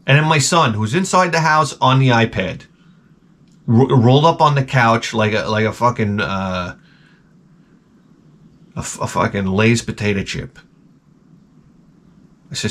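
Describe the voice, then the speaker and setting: A man hosting his vlog, telling a profane comic story in an animated rant full of stammered restarts. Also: medium pitch, unhurried, pauses often. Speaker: vlogger host.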